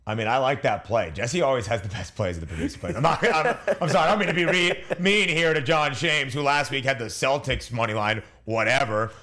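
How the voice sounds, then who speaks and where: A man hosting a sports betting radio show, brisk and teasing. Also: medium pitch, bright, forceful tone.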